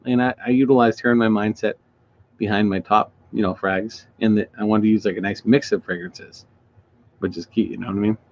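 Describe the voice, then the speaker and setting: A man's voice: on the low side, fairly even intonation, brisk, a little hiss or hum. A married man co-hosting a casual podcast, telling rambling stories in a laid-back way. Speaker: podcast co-host. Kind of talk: casual chat. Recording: dull lo-fi sound.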